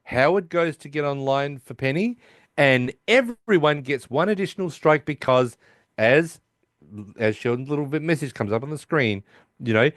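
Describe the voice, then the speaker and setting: A man's voice: a little high, animated, normal speed, fairly bright tone, no room sound, studio quality. A man hosting a podcast, casually recapping a sitcom episode and acting out the characters' lines as he goes. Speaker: podcast host.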